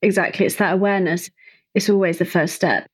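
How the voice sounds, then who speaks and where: A woman's voice: fairly low pitch, steady tone, a little fast, slightly rough. A woman hosting a podcast, asking long, engaged questions of her guest. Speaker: podcast host. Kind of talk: podcast interview.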